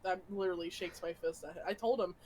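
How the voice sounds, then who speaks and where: A woman's voice: on the low side, quick pace, over a noisy crowd. A young woman streamer chatting casually, telling stories with lots of laughter and swearing. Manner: giggly, animated storytelling with swearing. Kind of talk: casual chat.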